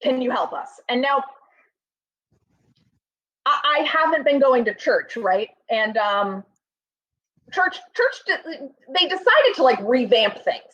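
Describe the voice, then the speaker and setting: A woman's voice: high-pitched, very animated, takes it slowly, pauses often, a bit bright. A young woman telling a funny personal story in a rambling, self-deprecating way, full of fillers. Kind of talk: comic storytelling. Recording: slightly dull, lo-fi sound.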